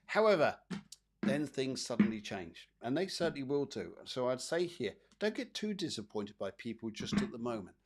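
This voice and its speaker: A man's voice: medium pitch, big pitch swings, moderate pace, slight background noise. Chatty man giving psychic readings. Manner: chatty, rambling, repeats phrases, frequent fillers. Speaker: psychic medium host. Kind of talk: live card readings for viewers.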